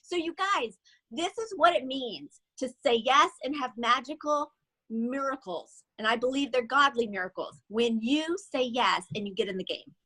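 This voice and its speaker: A woman giving a motivational sales talk, telling stories in an animated way and acting out the quoted voices. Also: sits high, moderate pace, dry recording, rough recording.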